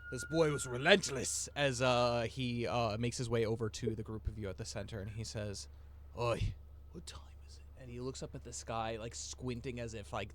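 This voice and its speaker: A man as game master, narrating a tabletop game and explaining the rules in a halting, thinking-aloud way. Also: fairly low pitch, slight background noise.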